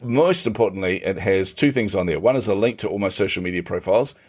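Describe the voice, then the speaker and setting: Animated storytelling man, lowish voice. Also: fast, husky. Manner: animated, laughs often, acts out quotes. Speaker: podcast guest. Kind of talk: conversational storytelling.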